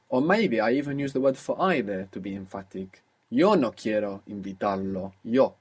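A man's voice: on the low side, animated, normal speed, husky. A man teaching a spoken language lesson, patiently prompting a student and repeating the answers.

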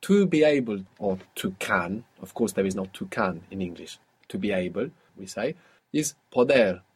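A man with a husky, slightly rough voice leads an audio language lesson. He explains patiently, one step at a time, and stops often to ask his student questions. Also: fairly low pitch, animated, moderate pace. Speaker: language teacher.

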